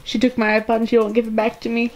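High-voiced teen girl vlogging outdoors. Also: racing, slight background noise. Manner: excitable, dramatic, teasing. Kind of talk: casual vlog chat. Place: outdoors on a street. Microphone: handheld camera.

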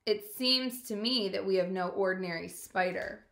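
A woman reading aloud as a skeptical farm wife, raising her voice higher, in a roomy-sounding recording. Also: creaky, fairly bright tone. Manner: skeptical, brisk. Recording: roomy echo.

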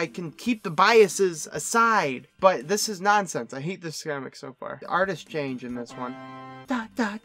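A man's voice: fairly high pitch, pushed and bright. A man giving sarcastic, rambling comedic commentary on a webcomic, breaking into silly voices. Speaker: webcomic reviewer.

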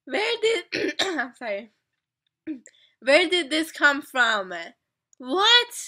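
A young woman hosting a casual music video reaction, gushing and stammering with excitement. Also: high-pitched, takes it slowly.

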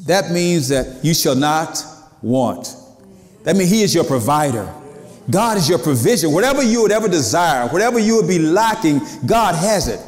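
A man's voice: sits high, expressive, moderate pace. A male pastor delivering a sermon, leading a recitation and then preaching with building emphasis. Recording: echoey hall reverb.

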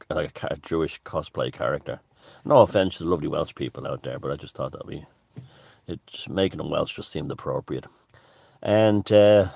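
A man's voice: low-pitched, vocal fry, darkish tone, no room sound. A man giving a rambling, jokey monologue to his viewers, full of fillers and restarts. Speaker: vlogger. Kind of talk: casual monologue to camera.

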